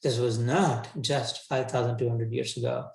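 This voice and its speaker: A man's voice: mid-range voice, level tone, normal speed, creaky, a little mellow. A man teaching a scripture session in a casual, colloquial way, often restarting his sentences. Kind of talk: conversational scripture lecture. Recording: roomy echo.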